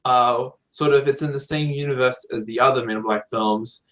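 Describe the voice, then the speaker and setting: Man, casual film podcast chat, eager, thinking aloud, mid-pitched. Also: fairly even intonation, moderate pace, a bit bright, low-quality recording.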